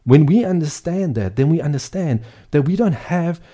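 A man's voice: fairly high pitch, animated, normal speed, dark tone. A man giving earnest Bible teaching, speaking emphatically and repeating phrases for emphasis.

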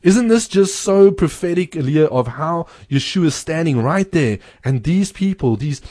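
A Bible teacher co-hosting a radio-style talk show speaks in a fairly high, expressive, warm voice at normal speed. He explains scripture earnestly, quotes passages and repeats key words, and the studio-quality sound has no echo.

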